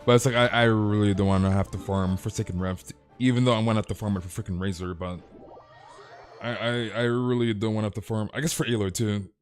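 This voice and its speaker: A man's voice: fairly low pitch, fairly even intonation, quick pace, faint music behind. A young man streaming a game, chatting casually in slang and often stumbling over repeated words. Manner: stammering repeats, slangy, reads chat aloud. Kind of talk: casual live-stream chat while gaming.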